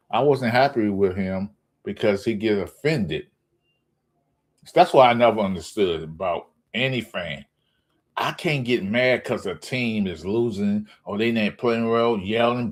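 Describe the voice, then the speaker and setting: A man ranting in a casual sports vlog, profane and animated, jumping up into high exclamations. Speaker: sports vlogger.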